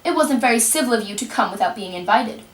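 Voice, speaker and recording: A woman voicing a rude, excitable mad tea-party host who talks loudly and rudely. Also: fairly high pitch, fast. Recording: roomy, mic set far off.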